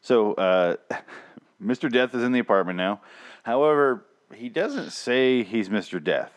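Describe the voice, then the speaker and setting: A man's voice: mid-range voice, animated, unhurried. A man co-hosting a casual chat, sarcastic and freely swearing. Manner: sarcastic, profane. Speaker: podcast co-host.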